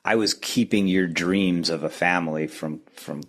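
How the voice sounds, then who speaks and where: A man's voice: low voice, fairly even intonation, normal speed. A man guest speaking earnestly and reflectively about his marriage on a podcast. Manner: earnest, reflective, restarts often. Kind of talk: reflective conversation.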